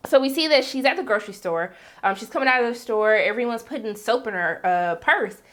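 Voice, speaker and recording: Brief: energetic woman reviewer, casual and slangy, acts out the scenes she retells. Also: fairly high pitch, fairly quick. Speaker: TV show reviewer. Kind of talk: casual episode recap.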